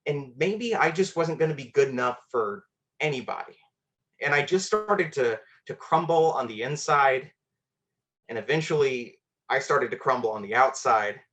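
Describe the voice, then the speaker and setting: A man's voice: mid-range voice, expressive, normal speed, a bit bright. A man telling a personal story on a storytelling show, conversational and self-deprecating, with fillers.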